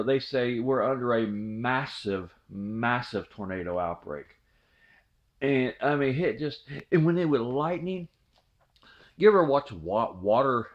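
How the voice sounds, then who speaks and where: Man, middle-aged, rambling storyteller, repeats himself, dull lo-fi sound. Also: medium pitch. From southwest Ohio. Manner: rambling, repeats words, restarts. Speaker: channel host telling a memory. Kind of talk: casual storytelling.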